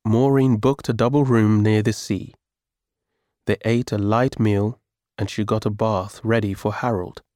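A man reading a story aloud as its narrator, calm and measured. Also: lowish voice, dry recording, studio quality.

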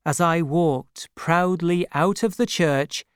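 A man narrates a storybook in an unhurried, deliberate reading. His voice is smooth and clear, sitting a little high for a man, and the recording is dry and close. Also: dry recording. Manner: slow, careful reading with mild character voicing. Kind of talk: scripted audiobook narration.

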